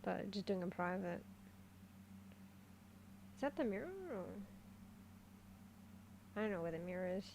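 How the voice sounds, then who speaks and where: A woman streaming a game live in casual chat, easily excited and swearing freely, swinging between quiet muttering and loud outbursts. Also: on the low side, measured pace, pauses often, a little hiss or hum.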